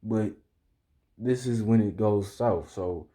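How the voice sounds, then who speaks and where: A man's voice: fairly low pitch, slow pace, dark tone. A young man vlogging, telling a story casually to the camera in heavy slang, often checking in with the listener and getting heated as he retells it. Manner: slangy, keeps asking "you feel me", heated when retelling.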